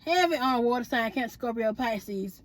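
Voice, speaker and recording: Sassy high-voiced woman tarot reader. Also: animated, normal speed, no echo. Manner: sassy, chatty, calls viewers honey and boo; laughs often, asks spirit aloud. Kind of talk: casual tarot reading to viewers.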